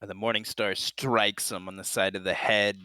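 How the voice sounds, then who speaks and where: A man playing a tabletop game, calmly declaring his character's actions. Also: on the low side, moderate pace, no room sound. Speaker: player.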